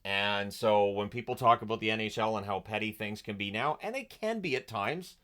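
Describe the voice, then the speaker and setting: A man's voice: fairly low pitch, lively intonation, brisk, a bit bright. A man hosting a casual history vlog, telling the story in a sarcastic, amused way with lots of filler words. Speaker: hockey history channel host.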